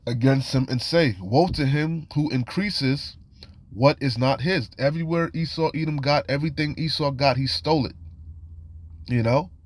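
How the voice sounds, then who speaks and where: A man preaching in an informal, streetwise manner, reading verses aloud and then explaining them in plain talk. His voice sits at a medium pitch, and he keeps dropping in "you know" and "man". The sound is dry and close, with no room echo. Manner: reads scripture aloud then comments. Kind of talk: informal scripture teaching.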